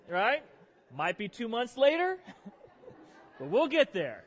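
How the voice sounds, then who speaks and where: A man preaching a sermon, telling a funny story about himself in an animated, self-deprecating way to his church congregation. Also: very high-pitched, slow pace, long pauses. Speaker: pastor. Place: church sanctuary. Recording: long reverb of a large hall.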